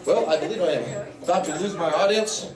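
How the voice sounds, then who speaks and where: A man's voice: sits high, brisk, roomy sound, far from the mic, crowd noise. A man doing rambling standup comedy in a folksy cowboy manner, holding a mic in a bar and grill with a live audience. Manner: folksy cowboy drawl, rambling, breaks into silly singing. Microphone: handheld mic.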